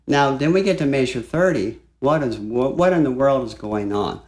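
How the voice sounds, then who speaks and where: A man teaching flute in a relaxed, chatty way, walking through a piece and singing phrases aloud. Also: medium pitch, moderate pace. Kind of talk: music lesson. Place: home studio.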